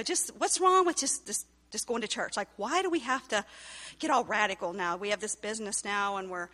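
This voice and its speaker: A woman's voice: on the high side, pushed and bright, long reverb tail. A woman telling her personal faith testimony as a story, acting out the dialogue she quotes. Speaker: testimony speaker.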